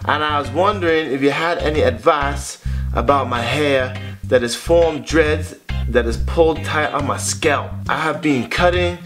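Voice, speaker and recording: A man's voice: a little high, a little slow, lightly acted. A man reading out a worried young man's email in a put-on accent. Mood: earnest. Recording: guitar music playing behind.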